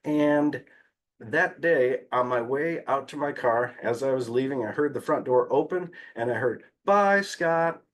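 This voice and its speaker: A man giving a conference talk as a behavior analyst, telling fieldwork stories in an animated way with frequent "uh" fillers. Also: mid-range voice, measured pace.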